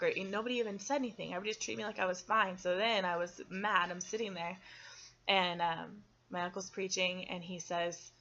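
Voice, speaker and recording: A young adult woman telling her personal faith testimony, earnest and halting, with frequent pauses and restarts. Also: mid-range voice, fairly even intonation, fairly bright tone, dull audio. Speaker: testimony speaker.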